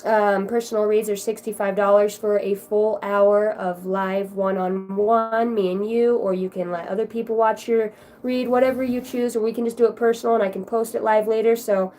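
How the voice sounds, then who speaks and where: A woman reading tarot cards on a live stream, talking in a warm, rambling, affectionate way and shifting between guidance and chat with viewers. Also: medium pitch, fairly even intonation, normal speed, few pauses, low-quality recording. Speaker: tarot card reader.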